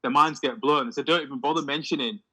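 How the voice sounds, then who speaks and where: A man in casual conversation, talking in an animated way with lots of "you know what I mean". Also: medium pitch, fast, breathy edge, poor audio. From Hull, England. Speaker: discussion guest. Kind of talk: casual chat.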